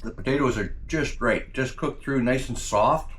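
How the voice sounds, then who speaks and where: A cooking channel host with a mid-range, slightly bright voice chats casually at a moderate pace, greeting viewers as guys. Between words he tastes his food and makes happy mm sounds, with a bit of background noise in the clip.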